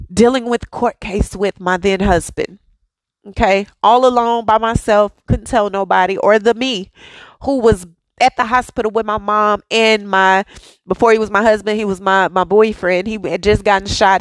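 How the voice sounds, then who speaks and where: A woman's voice: medium pitch, no echo, low-quality recording. A woman in her thirties hosting a devotional podcast, telling a personal testimony in a conversational way and often checking in with "okay?". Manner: storytelling, conversational, emphatic "okay?" asides.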